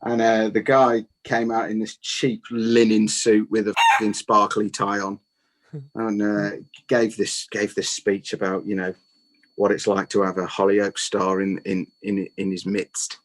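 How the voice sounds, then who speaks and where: A man's voice: fairly low pitch, monotone, measured pace. A man on a podcast, telling a long, rambling, sweary story in casual chat, with lots of restarts. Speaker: podcast guest, guitarist.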